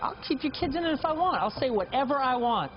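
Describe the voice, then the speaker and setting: A man's voice: very high voice, sing-song, fast talker. A man taunting and confronting another houseguest. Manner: taunting, combative. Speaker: reality show houseguest. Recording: dull TV audio with music.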